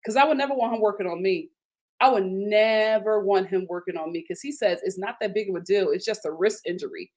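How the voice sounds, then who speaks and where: A woman hosting a casual TV recap, animated and indignant, her voice jumping up high when she gets outraged. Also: a little fast. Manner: casual, with fillers and slang. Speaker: host. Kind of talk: live TV recap commentary.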